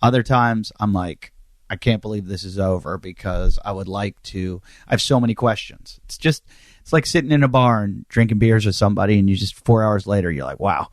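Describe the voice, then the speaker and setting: A man's voice: lowish voice, a little fast, dry recording, clean studio sound. A middle-aged man hosting a podcast, delivering a rambling, self-mocking comedic monologue. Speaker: podcast host.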